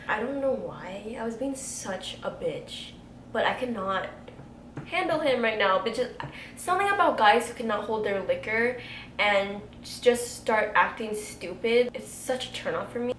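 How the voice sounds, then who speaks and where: A woman's voice: medium pitch, normal speed, distant mic. Young woman, casual storytime vlog, chatty, says "like" a lot, roomy echo. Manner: chatty, animated, heavy use of "like". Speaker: beauty vlogger telling a story. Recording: echoey room, faint background hiss.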